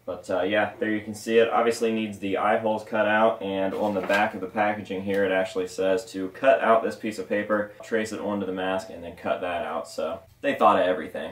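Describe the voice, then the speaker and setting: A low-voiced man chats through a casual unboxing vlog, swearing freely and joking at his own expense. He is recorded from a distance in a room at home. The room gives an echo, with faint noise underneath. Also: fairly even intonation, fairly quick, hardly any pauses. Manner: laid-back, profane, jokey. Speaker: mask collector and channel host.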